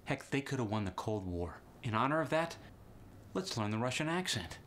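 A man's voice: mid-range voice, big pitch swings, normal speed, a bit bright, a little hiss or hum. A man hosting an instructional accent lesson in a jokey, teasing way. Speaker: accent coach and host.

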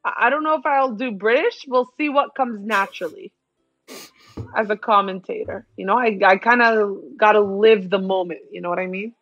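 A woman playing a co-op game who shouts urgent orders at her partner. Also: mid-range voice, moderate pace, no echo, lo-fi sound, soft background music. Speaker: guest co-player. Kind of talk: casual gameplay chat.

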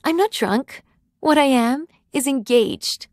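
A woman voicing an excited young female friend who talks fast and breathlessly in a scripted ad story. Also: high voice, no echo, studio quality, voice pushed up.

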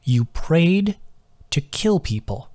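A man's voice: on the high side, sing-song, slow pace, darkish tone, voice pushed up, exaggerated voice. A man voicing a worried young male companion who talks bluntly and swears freely. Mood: exasperated.

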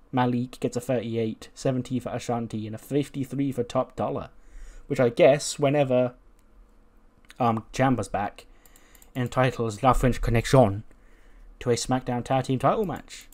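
A man's voice: medium pitch, steady tone, normal speed, a little mellow. A man casually narrating a wrestling management game, chatty and loose, with frequent fillers and laughs. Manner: chatty, laughing, many "like" and "you know" fillers. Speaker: game commentator. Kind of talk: casual let's play narration.

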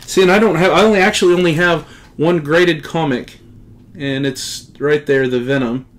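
His voice a little high and his pace normal, a middle-aged comic book collector chats casually while unboxing. He keeps gushing with excited gratitude and talks a lot.

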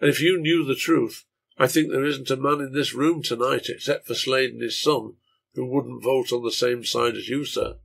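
A man's voice: medium pitch, steady tone, moderate pace, gravelly, a bit bright, breathy edge. A man voicing a strong, burly drinker who talks bluntly and firmly.

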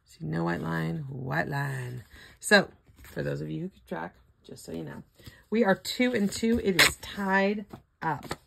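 Hoarse older woman, low-pitched, slow unhurried ticket-by-ticket chat. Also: fairly bright tone. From Florida. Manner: slowly calls out ticket symbols one by one, chatty asides. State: hoarse, throat not cooperating. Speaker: scratch-off ticket vlogger. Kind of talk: casual running commentary.

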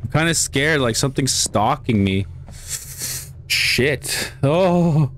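A man's voice: medium pitch, animated, slow, fairly bright tone, a little hiss or hum. A man commentating a horror game as he plays, swearing often and shrieking when he gets startled. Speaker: let's play gamer.

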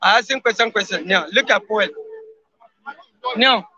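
Man, Nigerian Pidgin accent, very high voice, emphatic oath-heavy talk, dull lo-fi sound. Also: moderate pace, bright, forceful tone. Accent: Nigerian Pidgin English. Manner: emphatic pidgin English, swears wallahi often. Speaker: interviewee on the street. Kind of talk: animated street interview.

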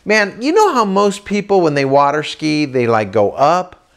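A man doing stand-up comedy, telling a story with lively acted-out voices and sound effects. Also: fairly high pitch, normal speed. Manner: animated, acts out voices and boat sounds.

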